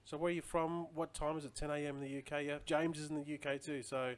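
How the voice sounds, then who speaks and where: A man's voice: on the high side, flat delivery, fast, smooth. A man chatting casually on a live stream, rambling loosely and answering viewer comments as he goes.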